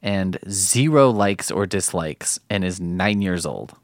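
Brief: lower-pitched male host, animated and mocking, dry recording. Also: takes it slowly, a little hiss or hum. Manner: mocking, incredulous. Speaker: host reacting to online videos. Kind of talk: sarcastic reaction commentary.

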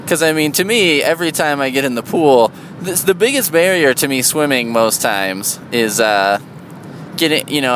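A man in a casual, rambling monologue, sardonic and full of swearing, jumping into a high, loud voice for emphasis. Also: slight background noise.

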